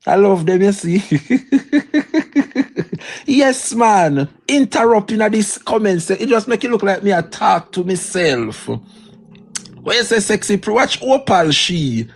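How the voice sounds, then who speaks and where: A man's voice: high voice, big pitch swings, normal speed, few pauses. Fiery Jamaican man ranting on a live stream. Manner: fiery, preachy, mixes patois with standard English. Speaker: political livestreamer. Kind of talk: live stream political commentary.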